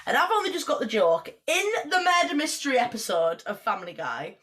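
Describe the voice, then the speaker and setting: Female podcast co-host, slightly high, animated, swears a lot. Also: a little fast. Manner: animated, swears freely, laughs often. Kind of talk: casual chat.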